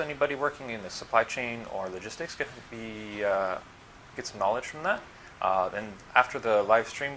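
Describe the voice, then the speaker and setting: A man's voice: lowish voice, bright, forceful tone, slight background noise, poor audio. A man from the United States, a supply chain consultant hosting his own channel, talking casually to camera and explaining things patiently step by step.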